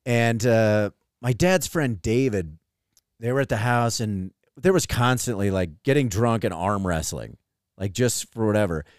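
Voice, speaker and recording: A man's voice: fairly low pitch, unhurried, smooth, dry recording, studio quality. A man co-hosting a casual podcast, telling a family story with profanity and frequent laughter. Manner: animated, profane, laughs while telling stories. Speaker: podcast co-host.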